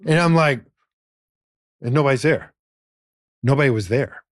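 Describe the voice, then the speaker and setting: Animated storytelling man, mid-pitched. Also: moderate pace, dry recording. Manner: animated, acts out quoted lines, swears. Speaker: podcast guest. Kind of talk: casual storytelling.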